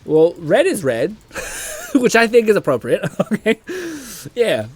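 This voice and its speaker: A young man chats with his live-stream viewers, reading their messages aloud and laughing as he goes. His voice sits a little high and swings widely in pitch. He swears casually and sounds relaxed. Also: measured pace, husky.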